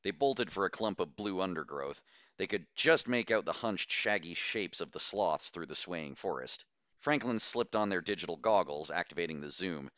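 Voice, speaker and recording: A man reading a science fiction novel aloud in steady, measured audiobook narration. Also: low-pitched, dry recording.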